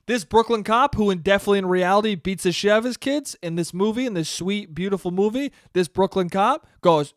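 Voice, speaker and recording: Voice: medium pitch, normal speed, no room sound, clean studio sound. Rambling, swearing podcast host. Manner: rambling, swears a lot, laughs at own jokes. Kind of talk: casual comedic monologue.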